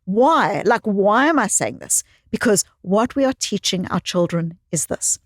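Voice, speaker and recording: A woman psychologist telling personal stories as a guest in an interview, expressive and fond of repeating phrases for emphasis. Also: medium pitch, a little slow, dry recording, studio quality. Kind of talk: conversational interview storytelling.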